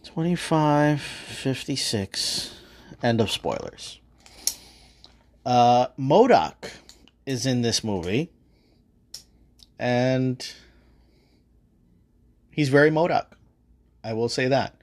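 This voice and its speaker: Slow, rambling podcast guy. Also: medium pitch, lively intonation, a little mellow. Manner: rambling, profane, hesitant with many fillers. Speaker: podcast host. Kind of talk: casual movie review.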